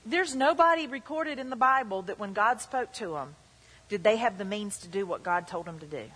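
A woman's voice: mid-range voice, animated, moderate pace, a bit bright, slightly rough. A woman pastor preaching a sermon with emphatic delivery, acting out the tempter's voice in quotes. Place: church hall. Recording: long reverb of a church hall.

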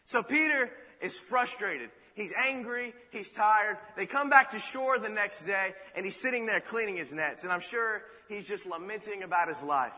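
A man preaching a sermon, retelling a story in a dramatic, animated way with rhetorical asides. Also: high-pitched. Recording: reverberant hall.

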